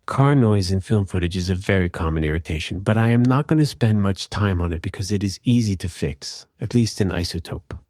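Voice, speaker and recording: A man calmly and methodically walking through an audio repair tutorial in voice-over. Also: low voice, fairly quick, hardly any pauses, dry recording, clean studio sound. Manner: calm, methodical explaining. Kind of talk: screen-recorded software tutorial.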